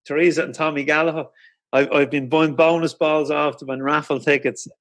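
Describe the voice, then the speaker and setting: A man's voice: a little high, steady tone, a little fast. A man hosting a podcast interview, speaking with enthusiastic praise for his guest. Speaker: podcast host. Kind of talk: casual interview.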